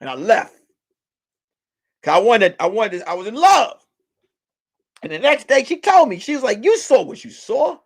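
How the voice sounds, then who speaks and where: High, lively male comedian storytelling. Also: normal speed, long pauses. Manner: animated, with sudden loud outbursts; profane and rambling. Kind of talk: stand-up storytelling.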